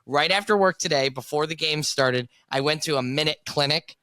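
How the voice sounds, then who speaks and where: A man's voice: on the high side, moderate pace, pushed and bright. A young man with a congested nasal voice co-hosting a casual podcast with his father, chatting in a rambling, self-deprecating way. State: congested, sinus infection. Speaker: podcast co-host.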